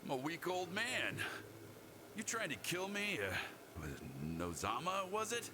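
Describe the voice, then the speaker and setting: An actor playing a lazy, wry school doctor who talks in a dry, teasing way in a video game. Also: male voice, on the high side, big pitch swings, a little slow, background noise.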